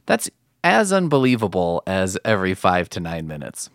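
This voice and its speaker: Brief: lower-pitched male host, animated and mocking, dry recording. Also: normal speed, dry recording. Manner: mocking, incredulous. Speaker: host reacting to online videos. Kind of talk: sarcastic reaction commentary.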